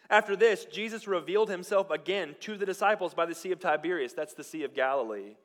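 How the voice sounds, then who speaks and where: A man with a fairly high voice preaches a sermon. He leans hard on key lines, then drops to a near hush. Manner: earnest preaching with swings between loud emphasis and quiet, near-hushed lines. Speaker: pastor.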